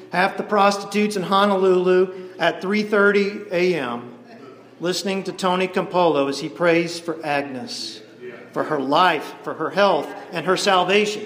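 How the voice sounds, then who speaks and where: High-voiced man telling a story in an echoey hall. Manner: animated storyteller, voices each character. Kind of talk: sermon storytelling. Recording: echoey hall with long reverb.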